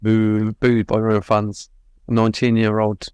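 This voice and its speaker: A man's voice: lowish voice, completely flat delivery, unhurried, darkish tone, clean tone, dry recording. Glum, sweary man. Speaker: podcast co-host. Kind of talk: casual football chat.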